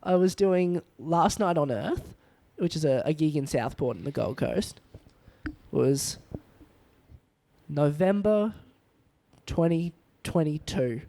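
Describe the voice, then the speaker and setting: A young man with a slightly raised voice tells stories as a podcast guest. He talks in an animated, loose way, laughing often and stringing thoughts together with plenty of fillers. It is relaxed, conversational comedian chat. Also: fairly high pitch, slow pace, vocal fry. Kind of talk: casual podcast storytelling.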